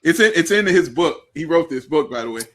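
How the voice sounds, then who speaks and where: A man from Chicago, co-host of a sports show, telling animated stories in casual chat and acting out what people said. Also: fairly high pitch, brisk, slight background noise. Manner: animated storyteller, acts out quotes, laughs often.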